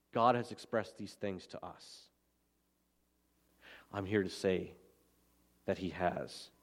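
Earnest man preaching a sermon. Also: medium pitch. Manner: earnest, emphatic, repeats key phrases slowly. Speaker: pastor.

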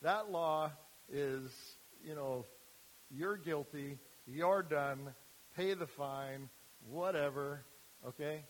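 A man's voice: on the high side, takes it slowly, a little hiss or hum, low-quality recording. A man giving an informal sermon as a youth ministry speaker, talking conversationally with many fillers and restarts.

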